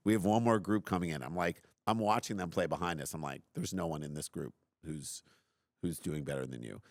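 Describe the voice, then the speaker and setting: A middle-aged man hosting a podcast, telling a personal story in an animated, self-deprecating way and acting out his own outbursts. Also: low-pitched, a little fast, no room sound, studio quality. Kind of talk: casual storytelling.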